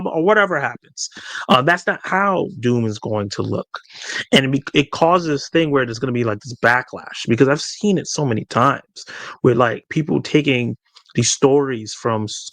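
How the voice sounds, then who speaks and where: A man co-hosting a casual podcast chat, animated and quick to act out the reactions he describes. His voice sits at a middle pitch. The sound is dry and close. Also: no echo. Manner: animated, acts out quoted reactions. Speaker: podcast co-host. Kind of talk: casual discussion.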